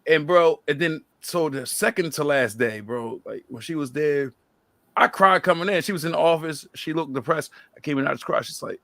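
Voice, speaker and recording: Male podcast host with a gravelly voice and a dry, close sound, lively storyteller. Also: a little high, normal speed, no room sound. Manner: animated storyteller, quotes people in lively voices. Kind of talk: casual chat.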